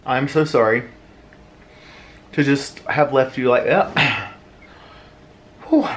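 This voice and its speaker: A man's voice: medium pitch, noisy background. A man chatting casually to viewers in a mukbang, sighing and suffering from spicy food. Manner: chatty, drawn-out sighs, informal. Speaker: food vlogger.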